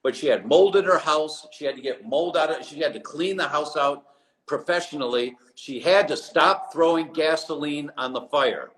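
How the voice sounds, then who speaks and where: Animated man telling stories, fairly high voice. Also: normal speed, poor audio. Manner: animated storytelling with quoted voices. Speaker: interview guest, doctor. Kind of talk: live interview, storytelling. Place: abroad, remote live session.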